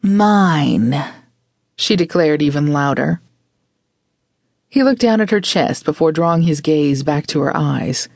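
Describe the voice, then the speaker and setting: Brief: woman audiobook narrator, measured and expressive, with a gravelly edge. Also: low-pitched, no room sound, clean studio sound. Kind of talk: scripted narration.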